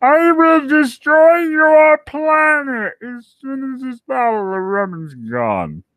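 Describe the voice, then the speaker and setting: A tipsy male alien villain barks his threats in a shrill, strained shout. The voice sits far above a natural register and swells with overblown menace. It sounds like a dry, close recording with no room sound. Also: expressive, slow pace, no echo, full character voice. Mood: menacing. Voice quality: shouting, high-pitched. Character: drunk male alien, menacing planet destroyer.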